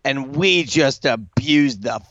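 A man's voice: mid-range voice, takes it slowly, no echo, muffled recording. A man co-hosting a poker podcast in casual chat, telling stories with lots of filler words. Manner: chatty, lots of filler likes, animated retelling. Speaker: poker show co-host.

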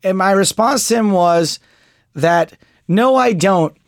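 A man's voice: high-pitched, slow pace, vocal fry, dry recording. Joking man in his forties, dry studio sound. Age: 40s. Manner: joking, rambling, laughs at his own lines. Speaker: podcast co-host. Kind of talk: casual chat.

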